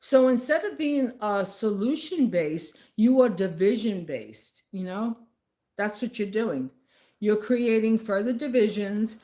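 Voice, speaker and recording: A woman delivers an emphatic home-video rant, scolding and repeating herself for emphasis. Her voice sits at an ordinary middle pitch for a woman. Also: expressive, unhurried, warm tone. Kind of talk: casual political rant to camera.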